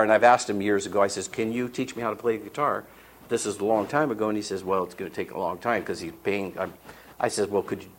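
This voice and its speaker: A man's voice: on the low side, slight background noise. A man in his sixties giving a church talk on marriage, rambling and acting out the quotes in his stories. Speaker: marriage ministry speaker.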